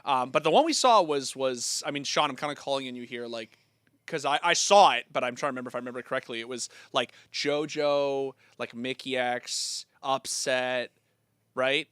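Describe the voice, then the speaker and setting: A man's voice: medium pitch, moderate pace, fairly bright tone, smooth, no echo, clean studio sound. A man chatting on an esports podcast who talks in a loose, casual way and swears freely.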